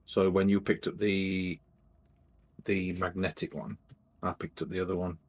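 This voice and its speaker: A man's voice: deep voice, little pitch movement, moderate pace. A man playing a tabletop game, easygoing, reeling off numbers and explaining his gear. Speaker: player. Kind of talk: casual tabletop game chat.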